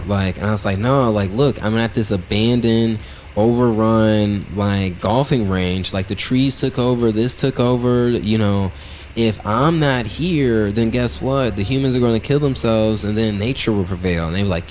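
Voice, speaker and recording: A low-voiced man hosts a casual talk show and tells a raw personal story, blunt and swearing freely. His delivery is loose and rambling, full of "like" and "right?", with a faint ambient hum behind him. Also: moderate pace, darkish tone. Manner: blunt, profane, brutally honest. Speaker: podcast host.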